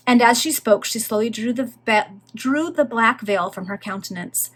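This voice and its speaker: A woman reads a Victorian novel aloud in a fairly high voice, giving the lines dramatic weight. She is an amateur reader among friends. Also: normal speed, hardly any pauses, a bit bright. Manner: dramatic reading, with casual chatty asides.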